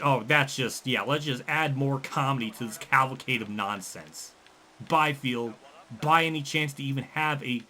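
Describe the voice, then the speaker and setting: A man giving frustrated, swearing commentary over a racing game, breaking into angry yells and running out of breath. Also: medium pitch. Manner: frustrated, swearing, yelling in bursts.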